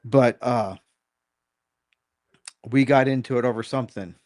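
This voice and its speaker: A man's voice: medium pitch, a little slow, a little mellow, no echo, studio quality. A middle-aged man, a dog trainer and guest, telling a story in a candid, self-critical way and swearing casually.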